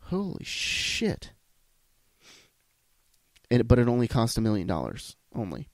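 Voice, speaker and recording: A man's voice: medium pitch, expressive, fast talker, creaky, warm tone, no echo. A man hosting a solo podcast, ranting bluntly with lots of swearing and restarts. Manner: blunt, profane, rambling with restarts. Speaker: podcast host.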